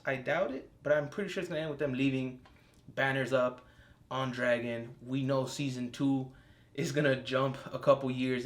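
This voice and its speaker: A young man giving a casual solo review of a TV episode. He talks in an excitable, profane way, with bursts of enthusiasm. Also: medium pitch. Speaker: TV show reviewer.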